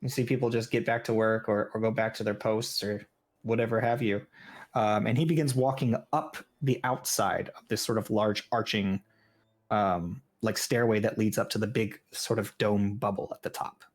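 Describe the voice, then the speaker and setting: A man's voice: fairly low pitch, fairly even intonation, moderate pace. A man narrating a tabletop game as game master, in a casual style with frequent "like" fillers.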